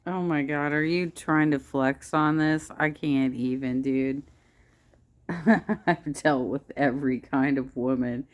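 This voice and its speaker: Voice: mid-range voice, slow pace. A co-host reacting to a clip with sarcasm and exasperated disbelief. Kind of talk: reaction commentary.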